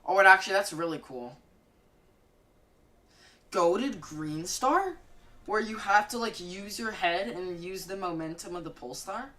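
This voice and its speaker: A woman giving casual gaming commentary, excitable, jokey and swearing a lot. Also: mid-range voice, a little slow, pauses often. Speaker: gaming video creator.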